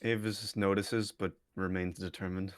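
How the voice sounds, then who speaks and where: A man playing a tabletop game in character, calm, steady and determined. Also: sits low, normal speed. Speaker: player.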